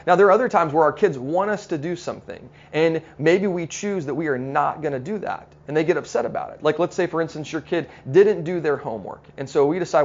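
A middle-aged man preaching a sermon, earnest and story-driven, slowing down to stress his points. His voice has a gravelly edge, and the recording sounds slightly dull. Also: on the high side, animated, darkish tone. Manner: storytelling, earnest, slows down for emphasis. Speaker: pastor.

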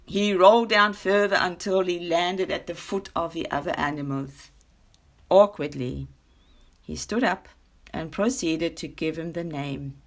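Woman storyteller, low-pitched and breathy, expressive children's narration. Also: unhurried. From South Africa. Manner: expressive, dramatic read-aloud.

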